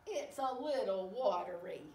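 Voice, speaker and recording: A woman's voice: mid-range voice, expressive, unhurried, warm tone, slight background noise, voice pushed down, natural voice. A woman voicing a boastful male shark in a children's picture book, taunting playfully. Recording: echoey room, far from mic.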